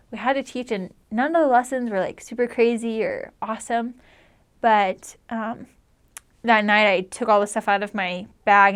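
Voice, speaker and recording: A young woman in her twenties telling a personal story in a chatty, earnest way. She strings her thoughts together with a steady stream of "like" and small restarts. Her pitch sits in an ordinary middle range for a woman. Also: smooth. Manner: chatty, heavy use of "like", earnest. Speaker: returned missionary.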